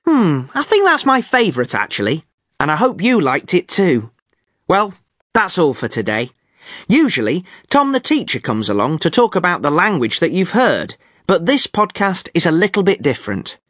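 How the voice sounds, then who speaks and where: A man hosting a podcast for English learners in a clear, upbeat way. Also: high voice, wildly swooping pitch, normal speed, fairly bright tone, no room sound, clean studio sound. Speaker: podcast host. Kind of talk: friendly learner podcast presenting.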